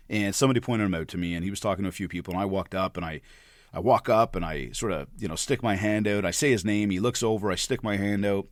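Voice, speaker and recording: A man of about forty, a podcast host, telling an animated story and often repeating words as he gets worked up. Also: lowish voice, no echo, clean studio sound. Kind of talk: storytelling monologue.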